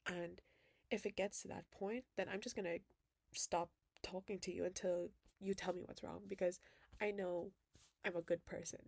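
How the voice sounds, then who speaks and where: Rambling, reflective young woman with a gravelly voice. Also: fairly low pitch, steady tone, normal speed, dry recording. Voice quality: emotional, soft-spoken. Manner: rambling, reflective, many "like" fillers. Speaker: vlogger. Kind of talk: personal video diary. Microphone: built-in computer webcam mic.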